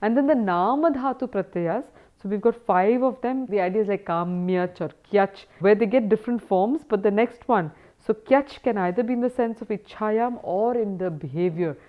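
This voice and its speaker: A woman's voice: mid-range voice, normal speed, few pauses. A woman teaching Sanskrit grammar in a recorded lecture, mixing English with Sanskrit terms and checking in with her students. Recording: tinny phone-like sound.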